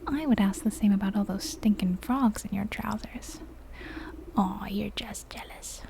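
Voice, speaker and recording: A man's voice: sits high, normal speed, vocal fry, background noise. Ragamuffin, a woman whispering as a cheeky frog boy. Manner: brash, slangy, teasing. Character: cheeky scruffy boy hoarding frogs. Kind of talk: whispered role-play.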